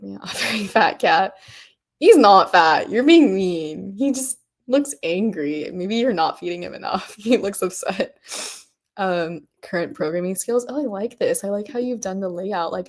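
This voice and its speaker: A woman with a mid-range voice hosts a workshop stream in an easygoing, chatty way. She gushes, giggles often and fills her talk with "um" and excited exclamations. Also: mid-range voice. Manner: bubbly, gushing, giggly, frequent "um" and "oh my God". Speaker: workshop host. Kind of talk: casual livestream commentary.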